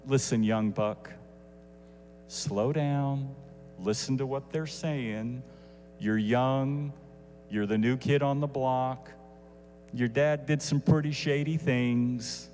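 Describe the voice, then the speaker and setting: A man voicing wise old elders who quietly counsel a young king. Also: medium pitch, fairly even intonation, takes it slowly, pauses often, long reverb tail, a little hiss or hum, close to an everyday voice.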